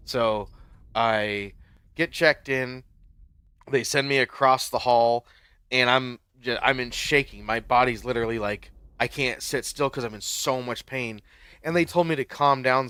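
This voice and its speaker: A man's voice: medium pitch, steady tone, measured pace, sharp tone, clean tone, dry recording. A young man casually telling a long personal story while playing a game, rambling with many fillers and getting worked up. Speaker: Minecraft YouTuber.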